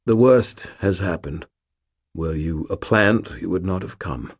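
A man's voice: sits low, lively intonation, unhurried, husky, dry recording, clean studio sound, heavily acted. A man reading the part of a dying old male ghost warrior, weak and fading, with formal, archaic speech. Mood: weak, gentle.

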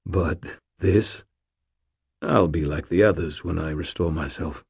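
A man's voice: low voice, measured pace, creaky, darkish tone, breathy edge, no echo, clean studio sound, full character voice. A man reading the part of a dying old male ghost warrior, weak and fading, with formal, archaic speech. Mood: weak, gentle.

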